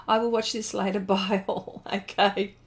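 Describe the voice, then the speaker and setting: A woman's voice: mid-range voice, little pitch movement, a little slow. A woman chatting casually on a live art stream, reading viewer comments aloud and exclaiming often.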